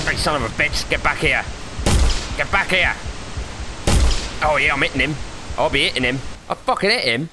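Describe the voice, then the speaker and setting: A man's voice: on the high side, normal speed, long pauses, background noise. A young man commentating a horror game, swearing freely, joking, and yelping when startled. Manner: swearing, excitable, jokey, yelps when startled. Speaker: gaming YouTuber.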